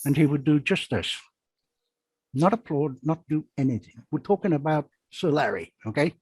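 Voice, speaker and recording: A man's voice: fairly high pitch, lively intonation, moderate pace, darkish tone, breathy edge, no echo. A man, a magician, telling a rambling show-business story in a panel chat over a video call, often correcting himself.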